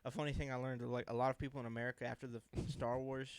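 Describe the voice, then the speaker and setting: A man co-hosting a casual podcast, talking loosely and laughing often. His voice sits in an ordinary middle pitch, recorded dry and close with no room around it. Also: flat delivery, racing, clean tone, no room sound. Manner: laughs often, drops into impressions and accents. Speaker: podcast co-host. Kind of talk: casual chat.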